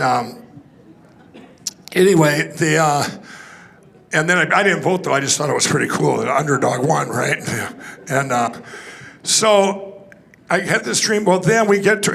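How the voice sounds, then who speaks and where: A man giving a personal testimony at a conference, telling his story in an excitable, rambling way with many restarts and laughs. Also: a little high, gravelly. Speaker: conference speaker. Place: conference hall stage.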